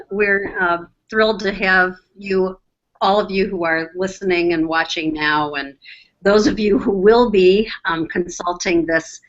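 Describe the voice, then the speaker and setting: Woman giving a webinar welcome, low voice. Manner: warm, hesitant, with restarts. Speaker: executive director welcoming attendees. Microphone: video call. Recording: dull lo-fi online call audio.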